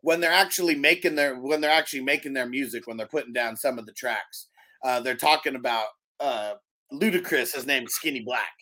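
A man co-hosting a podcast, retelling a movie in a casual, animated way, laughing often and swearing freely. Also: mid-range voice, brisk. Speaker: podcast host.

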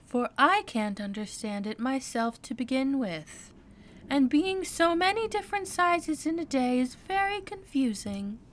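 A woman's voice: sits high, big pitch swings, measured pace, slight background noise, pitched above the performer's own voice. A woman voicing a polite, earnest, bewildered young girl in a storybook reading, shy and sometimes flustered. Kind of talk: storybook read-aloud.

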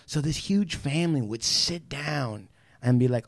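A man hosts a podcast and tells family stories, swearing freely and throwing his voice up high for his relatives' lines. His voice swoops all over, and the sound is dry and close. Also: moderate pace, no room sound. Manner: animated, profane, acts out relatives in shrill voices. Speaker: podcast host. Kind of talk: casual storytelling chat.

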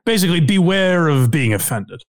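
A man's voice: fairly high pitch, animated, normal speed, no room sound, clean studio sound. A man hosting a podcast, chatting casually, laughing often and swearing freely. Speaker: podcast host. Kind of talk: casual chat.

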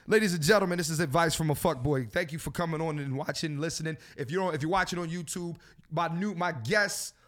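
A man's voice: on the high side, fast, a bit bright. A man hosting a casual podcast, talking in a profane, preachy and joking way. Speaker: podcast host.

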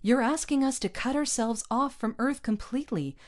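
A woman's voice: fairly high pitch, normal speed, darkish tone, pitched above the performer's own voice, natural voice. A woman reading aloud, voicing an anxious, bitter male colonist who bursts out in agitation. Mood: agitated.

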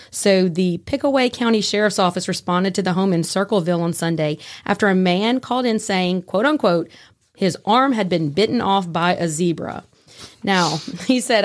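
A woman, co-hosting a crime podcast in a chatty, joking way. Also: fairly low pitch. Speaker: podcast co-host. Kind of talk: casual chat and news reading.

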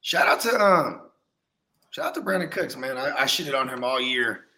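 Male fantasy football co-host, relaxed and profane, bright forward tone, casual banter. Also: medium pitch, normal speed. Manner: laid-back, profane, says "you know what I mean" a lot. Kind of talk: casual sports chat.

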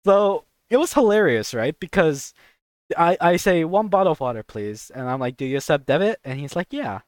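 A young woman co-hosting a podcast, telling a story in a casual, animated way, swearing and acting out voices. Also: low-pitched, normal speed, no room sound, studio quality. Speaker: podcast co-host.

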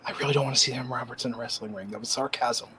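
A man hosting a casual wrestling podcast, talking in an opinionated, animated way with a dash of sarcasm. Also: medium pitch, very fast, breathy edge. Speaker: podcast host.

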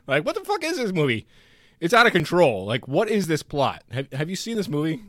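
Casual male co-host, animated delivery, swears, dry close sound. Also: fairly high pitch, brisk, no room sound. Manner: loose, swears a lot, lively. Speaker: podcast co-host. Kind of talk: casual movie chat.

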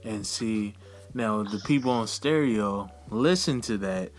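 A man's voice: fairly low pitch, slow, faint music behind. A man hosting a casual podcast interview, laid-back, with short affirmations and follow-up questions. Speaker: podcast host.

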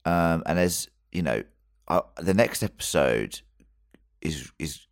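A man's voice: sits low, expressive, unhurried, creaky, no room sound, studio quality. A man co-hosting a podcast, reviewing a TV episode in casual chat and rambling with many restarts and fillers.

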